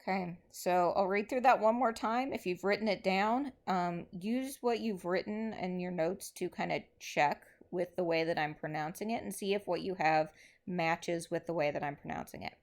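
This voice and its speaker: A woman teacher explaining poetic meter to her class with patient fillers, reading verse slowly with heavily stressed beats. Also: lowish voice. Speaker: English teacher.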